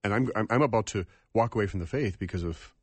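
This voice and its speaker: Earnest man, low voice, radio guest. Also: fast talker, darkish tone, breathy edge, no room sound. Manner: earnest, stumbling restarts. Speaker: guest on a Christian radio show.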